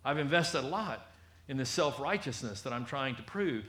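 A man's voice: medium pitch, animated, moderate pace, a bit bright, roomy sound, natural voice. A man voicing a pompous, proud Pharisee who scoffs in disbelief, with a haughty, incredulous manner. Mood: scoffing.

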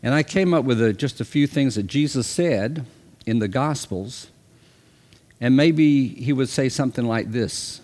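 A middle-aged man delivering a relaxed, living-room style sermon, with a voice of ordinary pitch. He talks loosely, with little fillers and restarts, then lifts his voice with emphasis for scripture readings. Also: long reverb tail. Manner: conversational, halting with fillers and restarts; reads scripture quotations with rising emphasis. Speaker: preacher. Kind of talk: informal sermon.

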